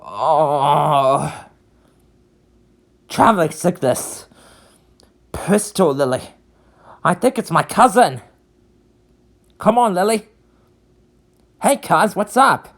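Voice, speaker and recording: A performer voicing a carefree, beach-loving young male conductor in a fan redub, with a laid-back, slangy delivery. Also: mid-range voice.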